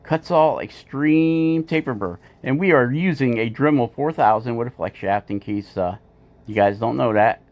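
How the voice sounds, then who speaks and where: A man's voice: medium pitch, normal speed, a little mellow. A man hosting his woodcarving channel, talking casually in a rambling, self-mocking voiceover with many fillers. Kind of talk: casual voiceover while carving. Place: home woodworking shop.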